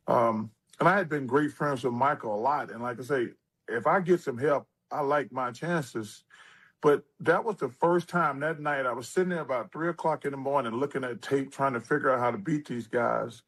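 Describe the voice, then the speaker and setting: A man in his sixties, an interview guest, telling stories in a casual, animated way with lively asides. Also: mid-range voice, moderate pace, slightly rough. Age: 60s.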